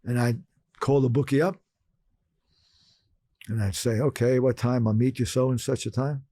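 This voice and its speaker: Older husky man telling his story. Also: moderate pace, dry recording. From Brooklyn, New York. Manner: animated, acts out his past self in higher voices. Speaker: guest. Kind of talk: storytelling in conversation.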